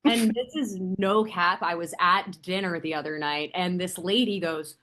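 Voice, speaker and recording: A young adult woman co-hosting a podcast in casual chat, animated and swearing, acting out the voices of people in her stories. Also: fairly low pitch, normal speed, a little hiss or hum. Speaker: podcast co-host.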